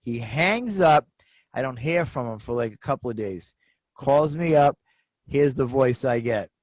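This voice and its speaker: A middle-aged man, a comedian, telling an animated anecdote on a video call. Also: medium pitch, a little slow, dry recording.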